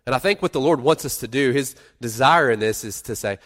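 A middle-aged man preaching a sermon in a conversational way, rising to loud emphasis and dropping to quiet asides. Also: medium pitch, brisk. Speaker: pastor.

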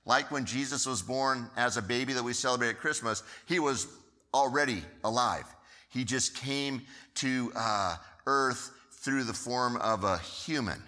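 A man preaching a sermon, telling the story in an animated way and often repeating words as he goes. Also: medium pitch, a little slow, in a large hall. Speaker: pastor.

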